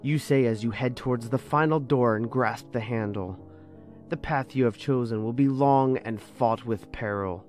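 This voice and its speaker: A man's voice: moderate pace, a little mellow, faint music behind. A man narrating a horror story in a grand, ominous storyteller voice. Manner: booming ominous narrator voice that turns flustered. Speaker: narrator in a comic audio story.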